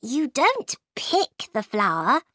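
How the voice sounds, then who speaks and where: A woman's voice: sits high, wildly swooping pitch, slow pace, bright, forceful tone, no room sound, studio quality, voice pushed up, heavily acted. A woman voicing a curious, polite young girl in a storybook, asking earnest, puzzled questions.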